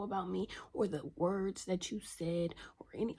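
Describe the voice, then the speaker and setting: A woman's voice: lowish voice, steady tone, normal speed, hardly any pauses, noisy background. A young woman venting to camera in a candid self-help rant, profane and emphatic, repeating lines for stress and dropping into whispers. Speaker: vlogger.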